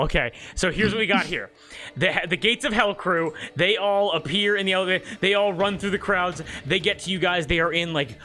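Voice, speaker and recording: Man game master, bright tone, slightly high, faint music underneath; halting, filler-heavy narration. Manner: hesitant, many fillers and restarts.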